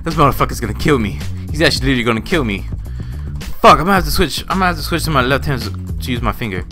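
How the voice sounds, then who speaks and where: A young man gaming at his home desk, out of breath, yelling and cursing at the game in frantic let's-play commentary. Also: medium pitch, expressive, racing, faint music behind. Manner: yells and swears at the game, panting and cursing. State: out of breath and sweaty. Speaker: gaming YouTuber.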